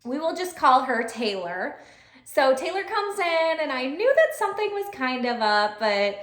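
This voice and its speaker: A woman teacher telling a story in an animated, chatty way, laughing often. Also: high voice, normal speed. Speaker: special education teacher. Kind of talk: storytelling vlog. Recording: echoey room.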